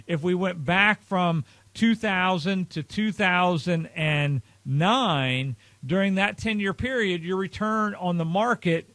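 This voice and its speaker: A man's voice: high-pitched, fairly bright tone, no room sound. Earnest man explaining annuity riders. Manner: earnest, emphatic, frequent uh and you know. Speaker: financial advisor presenting a video series. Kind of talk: explanatory talk to camera.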